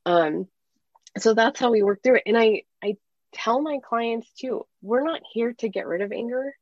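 A woman's voice: fairly high pitch, normal speed, dry recording, muffled recording. A woman working as a parenting coach, explaining earnestly in a conversational interview and acting out bits of dialogue.

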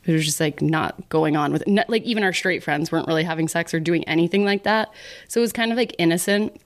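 A woman's voice: lowish voice, fast. A young woman from Texas telling a personal story as a podcast guest, chatty and laughing often as she acts out what she once said. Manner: chatty, laughing often, acts out her own past words. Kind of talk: casual storytelling interview.

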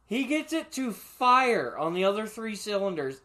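A man's voice: sits high, sing-song, a little slow, sharp tone. A man telling profane, laughing stories in casual chat as a podcast co-host.

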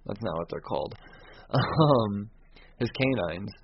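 A man's voice: on the low side, animated, takes it slowly. Guy rambling through a comic recap, swears a lot, kinda muffled lo-fi audio w faint hiss. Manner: rambling, profane, laughs at himself. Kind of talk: casual spoken recap.

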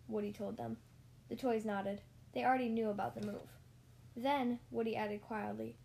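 A woman reading a children's storybook aloud in a clear, steady voice. Her voice sits a little high for a woman. She keeps an even storytelling pace. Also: normal speed. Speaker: narrator.

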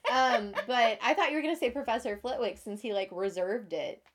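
A young woman co-hosting a casual book chat, animated and laughing, with many fillers. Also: fairly high pitch, fairly quick, a little hiss or hum. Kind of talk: casual chat about books.

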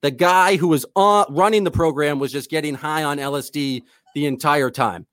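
A man co-hosting a podcast in loose, casual chat, rambling along as the self-styled goofball of the pair. His voice sits a bit high for a man. The sound is dry and close, with no room in it. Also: normal speed, fairly bright tone, dry recording. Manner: self-described eccentric goofball, rambling and enthusiastic. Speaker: podcast co-host.

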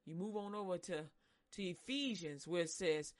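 A woman preaching a sermon, animated and dramatic, acting out voices and swinging between loud and soft. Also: lowish voice, normal speed.

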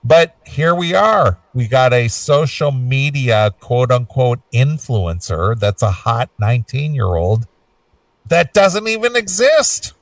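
A man's voice: mid-range voice, very animated, takes it slowly, no echo, distant mic. A man co-hosting a radio show in casual chat, musing and laid-back, often repeating himself.

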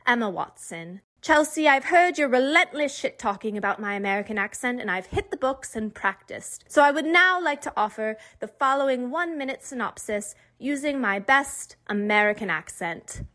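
A woman doing a comedic impression of a prim, self-important young actress, speaking in a haughty, deliberate way. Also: high-pitched, expressive, fairly bright tone. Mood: smug. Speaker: listener giving a recap.

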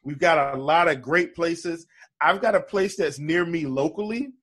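A man from the Charleston area co-hosts a casual fantasy basketball betting show, chatting loosely and stumbling through fillers and restarts. His voice is a little high and slightly bright with some breathiness, at a normal speed.

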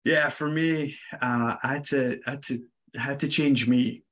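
Husky-voiced male podcast guest. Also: medium pitch, fairly even intonation, normal speed, a bit bright. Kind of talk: casual podcast interview.

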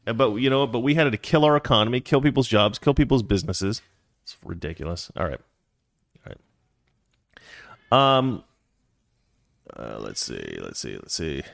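A man's voice: lowish voice, sing-song, normal speed, creaky, long pauses, fairly bright tone, no room sound. A man co-hosting a casual talk show, reading news stories aloud and commenting in a sarcastic, heated, mock-serious way.

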